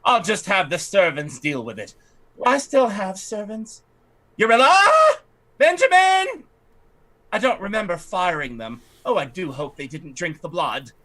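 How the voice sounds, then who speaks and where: A man's voice: high voice, sing-song, a little slow, sharp tone, voice pushed up, heavily acted. A man voicing a fussy, theatrical aristocratic noblewoman sorceress in a tabletop game. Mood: flustered. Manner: flighty, theatrical, genteel.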